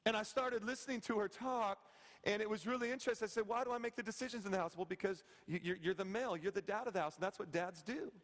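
A man in his thirties preaching a sermon in a church, talking conversationally and checking in with the congregation with quick "okay?" and "right?" asides. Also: high-pitched, a bit bright. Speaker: pastor. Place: church sanctuary. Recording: long hall reverb.

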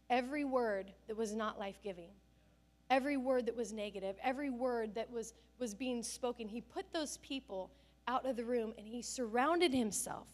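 Lively woman pastor preaching. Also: a little high. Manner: animated storytelling, acts out family scenes and quotes with bursts of laughter. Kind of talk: sermon.

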